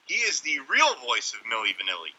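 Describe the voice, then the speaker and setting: Male podcast co-host, dry wisecracks, sharp bright voice, lively pitch, dead-dry recording. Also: brisk, breathy edge, dry recording, poor audio. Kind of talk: casual chat.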